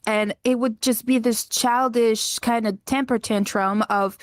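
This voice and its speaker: A woman with a fairly high voice co-hosts a podcast in a chatty, casual way. She often chimes in with quick agreement. The sound is dry and close-miked. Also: fairly even intonation, no room sound. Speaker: podcast co-host. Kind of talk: casual chat.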